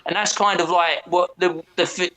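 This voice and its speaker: Profane, animated London man. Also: high voice, normal speed. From England. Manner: blunt, profane, animated storytelling. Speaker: co-host. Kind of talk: casual chat.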